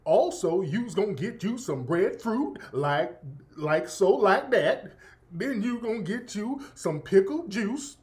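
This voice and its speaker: A man voicing a sweet, folksy woman home cook who talks in a slow, sing-song drawl. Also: high voice, expressive, darkish tone. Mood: syrupy.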